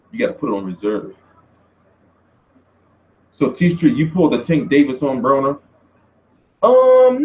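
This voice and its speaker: A man with a fairly high, very lively voice hosts a casual boxing Q&A. He talks loose and profane, swinging from low asides up into loud, high-pitched outbursts whenever he retells a story. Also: rough recording. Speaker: boxing show host. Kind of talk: casual live-stream Q&A.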